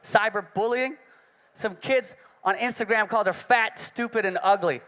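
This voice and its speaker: Onstage at a club, a comedian in his thirties gives a brash, profane, punchy set captured with live hall reverb. His voice is high and sharp, at a moderate pace.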